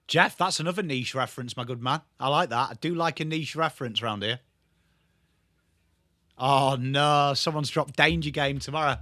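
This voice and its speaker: A man's voice: medium pitch, normal speed, pushed and bright, dry recording, clean studio sound. A young man hosting a live football watchalong, calling the play and chatting with viewers in a casual, swearing, bantering way. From England. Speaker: watchalong host.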